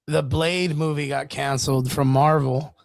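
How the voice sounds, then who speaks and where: A man's voice: fairly high pitch, fairly even intonation, unhurried, creaky, a loud crowd. A man co-hosting a casual streamed chat show, joking loosely and swearing, with lots of "dude" and "bro". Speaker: podcast co-host. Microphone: streaming mic.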